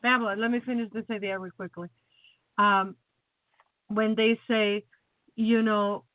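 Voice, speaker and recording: A woman's voice: medium pitch, a little slow, pauses often, dry recording. Mexico City woman with a Midwestern accent. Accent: Midwestern American. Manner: animated storytelling, quotes others. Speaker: radio show co-host. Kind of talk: casual radio chat. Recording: tinny phone-line audio.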